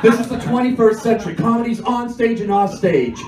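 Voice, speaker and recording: A man with a strikingly high voice does a comedy song live, jittery and self-mocking between loud call-and-response chants. He sounds far from the mic in an echoey room, with music playing under him. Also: brisk, background noise. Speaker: stand-up comedian. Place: comedy theatre stage with audience. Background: audience laughter and live music.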